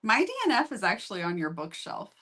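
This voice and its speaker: A woman's voice: mid-range voice, big pitch swings, quick pace, sharp tone, slightly rough. A woman co-hosting a book review show, telling the story of a book in a conversational way and thinking aloud. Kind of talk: casual chat.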